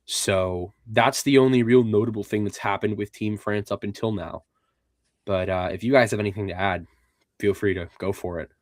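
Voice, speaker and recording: A young man co-hosting a sports podcast in casual chat, running through rosters in an even, methodical way. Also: lowish voice, normal speed, dry recording, clean studio sound. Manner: lists players in an even, methodical way. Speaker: podcast co-host.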